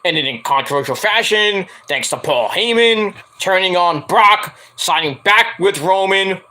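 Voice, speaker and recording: A stream host covers wrestling news in a loose, rambling fashion, joking constantly and swearing freely. His high, bright voice is hoarse after a night of screaming, and he comes across as animated yet unhurried.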